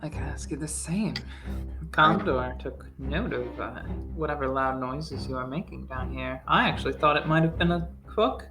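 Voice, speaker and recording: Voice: medium pitch, moderate pace, over music. Wry tabletop player. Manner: wry, cursing asides. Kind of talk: tabletop role-play.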